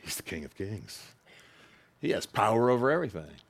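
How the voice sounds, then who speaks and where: A man preaching a sermon in a conversational, expressive way, rising high for quoted lines and dropping low for emphasis. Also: a little fast. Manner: conversational, with asides and laughs. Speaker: pastor.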